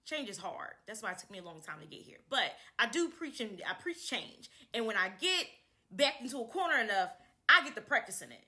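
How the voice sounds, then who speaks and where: A young woman chatting casually to camera to introduce her channel, animated and laughing often as she repeats herself. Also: on the high side, fairly quick.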